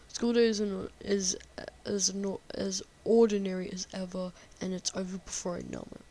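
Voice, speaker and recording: A woman's voice: mid-range voice, level tone, moderate pace, creaky, few pauses, darkish tone. A woman giving casual, sarcastic gameplay commentary and reading game text aloud, swearing freely. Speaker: game streamer.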